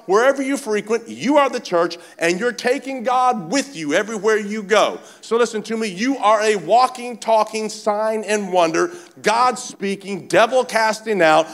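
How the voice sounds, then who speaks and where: Fervent high-voiced male preacher. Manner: fervent, repeatedly urges the congregation with "come on"; swings between shouting and quiet speech. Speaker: pastor. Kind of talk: sermon. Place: church service.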